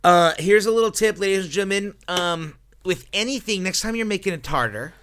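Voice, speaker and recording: A man joking and bantering with friends over a meal, playful and animated. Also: high-pitched, fairly quick, slight background noise. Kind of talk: casual banter at a dinner table.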